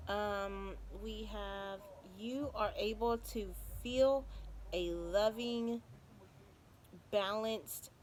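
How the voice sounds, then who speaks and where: A woman giving a casual spiritual card reading to her viewers, rambling and often checking in with "all right?", speaking from a room at home with the window open. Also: medium pitch. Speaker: tarot card reader. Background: faint noise from outside.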